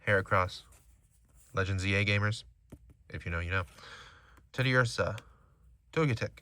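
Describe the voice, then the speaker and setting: This man speaks at a normal speed in a lowish register. Chatting at home while opening trading card packs, he animatedly reads the card names and stats aloud.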